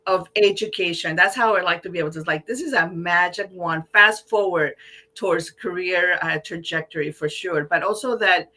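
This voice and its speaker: Woman host, bright forceful tone, enthusiastic and encouraging interviewer. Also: fairly low pitch, normal speed. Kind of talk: interview hosting.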